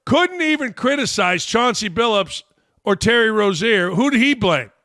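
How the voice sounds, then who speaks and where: A middle-aged American man hosting a sports talk show, ranting bluntly and profanely with sudden shouted outbursts. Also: sits high, very animated, moderate pace, no echo, studio quality. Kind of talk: opinionated sports rant.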